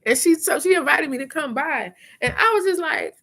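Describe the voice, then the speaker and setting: A middle-aged woman hosting a live chat, telling stories in a frank, animated way and acting out her own reactions. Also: sits high, a little fast, vocal fry. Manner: frank and salty, with slangy talk. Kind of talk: casual live-stream storytelling.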